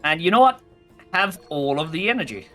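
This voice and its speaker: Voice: mid-range voice, big pitch swings, a little fast, bright, forceful tone. A stream host reading game event text aloud and thinking aloud while playing a card game with friends, with faint music behind.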